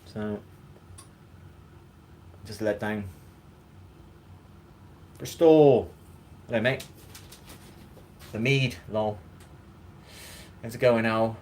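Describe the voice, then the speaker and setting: A man's voice: fairly low pitch, steady tone, very slow, long pauses, darkish tone. A man hosting a live stream in casual chat, rambling, swearing and greeting viewers by name.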